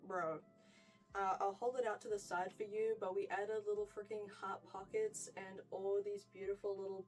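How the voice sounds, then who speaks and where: A woman's voice: medium pitch, a little mellow, recorded from a distance, poor audio. A young woman with a New Zealand accent giving a chatty, gushing wardrobe tour, full of "like" and "freaking". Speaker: fashion vlogger.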